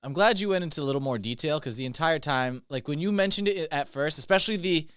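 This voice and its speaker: A man hosts a casual podcast chat in a fast, bright, rather high voice that rises and falls a lot. He jokes playfully and riffs on his guest's stories, recorded dry and close. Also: expressive, smooth, no echo. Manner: joking, playful. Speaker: podcast host.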